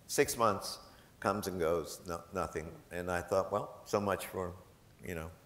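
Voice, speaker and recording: Male professor, gala storyteller, slightly low voice, animated and self-mocking, echoey hall sound. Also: unhurried. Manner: animated, self-deprecating, laughs often. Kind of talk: storytelling anecdotes to a live audience. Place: large event hall.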